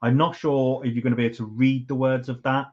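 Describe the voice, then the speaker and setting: A man's voice: medium pitch, level tone, quick pace, dull audio. Dry man explaining on podcast. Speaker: podcast co-host. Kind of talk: casual chat.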